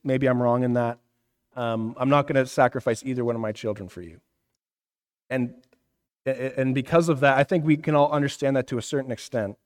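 A pastor in his thirties speaks a little fast in a steady, mid-range voice. The reverberant hall echoes as he gives an interactive sermon, asking his listeners questions and often checking in with "right?".

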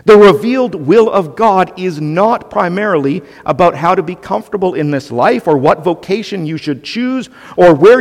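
Guy preaching, kinda high voice, emphatic and chatty, big echoey church hall. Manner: emphatic, conversational preaching with asides. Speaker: pastor. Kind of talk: sermon.

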